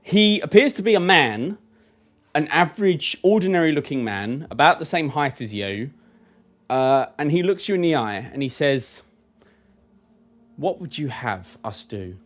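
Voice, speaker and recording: A young man acting as game master, narrating a tabletop game in a lively, chatty way. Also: a little high, moderate pace.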